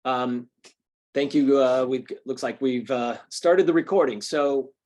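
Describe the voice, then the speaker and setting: A man's voice: mid-range voice, a little mellow. A man, the president of an arts club, introducing the evening's speaker with frequent hesitations. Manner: halting, frequent ums and uhs.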